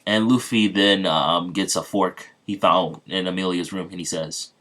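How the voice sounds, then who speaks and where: A man's voice: low voice, steady tone, unhurried, a bit bright. A man casually making up and telling a story, chatting loosely with his viewers as he goes. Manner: loose, off-the-cuff retelling with asides to viewers. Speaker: channel host. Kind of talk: casual improvised fan-fiction storytelling.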